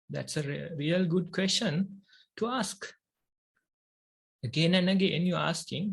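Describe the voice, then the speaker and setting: Speaking in slow, measured phrases broken by long pauses, a Buddhist monk gives a meditation talk. He has a Sri Lankan accent, with Sinhala as his first language, and his voice is slightly high, creaky and husky.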